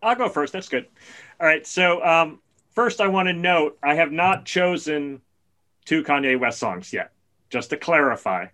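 A man on a podcast, telling a long story in a casual, animated way. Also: fairly high pitch, measured pace. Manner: animated storyteller, gets excited and loud at punchlines. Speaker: podcast co-host. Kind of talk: casual chat.

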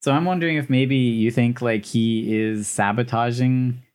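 A man's voice: mid-range voice, steady tone, moderate pace, a little mellow, smooth. A man with an ordinary mid-range voice chats on a podcast about a film. He spins an absurd theory in a dry, playful way and laughs easily between points. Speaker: podcast co-host. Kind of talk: casual chat, joking movie analysis.

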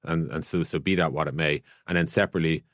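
A man talks quickly in a low voice, chatting through ideas on a podcast. He circles his points with fillers and restarts. The sound is dry and close. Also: fairly even intonation, no room sound. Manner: thinks aloud with many "like" fillers and restarts. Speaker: podcast co-host, product leader. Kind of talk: casual conversational podcast chat.

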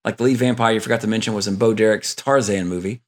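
A man's voice: lowish voice, steady tone, fast talker, darkish tone. A man hosting a casual movie podcast, talking in a rambling way with many fillers and restarts, reading listener emails aloud. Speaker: podcast host.

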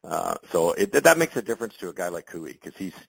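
A man's voice: low voice, sing-song, brisk, gravelly, slightly rough, dry recording, low-quality recording. A middle-aged man, a former curling champion, giving loose, rambling expert commentary in an interview, full of fillers and restarts. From Canada.

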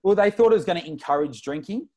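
A man in his twenties from Melbourne with an Australian accent, a podcast guest excitedly telling stories in slangy, casual talk. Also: fairly high pitch, quick pace. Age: 20s. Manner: excitable, slangy, tells stories with lots of retold dialogue. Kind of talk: casual interview storytelling.

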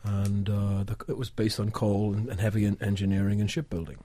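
A man from northeast England, a composer guest in an interview, explaining things in a measured way with dry humor. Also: lowish voice, level tone, warm tone. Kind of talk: casual interview chat.

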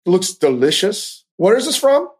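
A man hosts a podcast and rants in casual commentary. He swears constantly and flares into animated outbursts. His pitch swoops widely as he talks. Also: normal speed, breathy edge. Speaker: podcast host.

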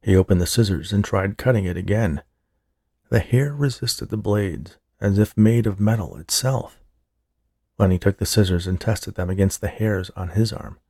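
A man reading a horror story aloud as scripted narration, in a measured, deliberate manner. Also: lowish voice, dark tone, dry recording, studio quality.

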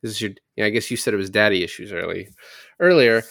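A man co-hosting a casual movie review podcast, animated and profane, slipping into mocking voices of characters. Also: fairly low pitch, fast, gravelly, no echo, studio quality. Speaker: podcast co-host.

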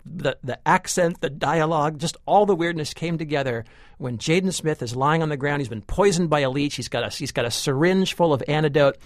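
A man's voice: a little high, brisk, no room sound, clean studio sound. A man co-hosting a film review show, joking and laughing between restarts as he picks apart a movie. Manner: animated, laughing, deadpan jokes with many restarts. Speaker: podcast co-host, film critic. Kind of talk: casual movie review banter.

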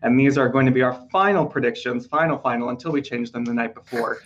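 A man's voice: medium pitch, quick pace, highs cut off. A man hosting a casual awards-prediction podcast, talking chattily with fillers while losing his voice. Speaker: podcast host.

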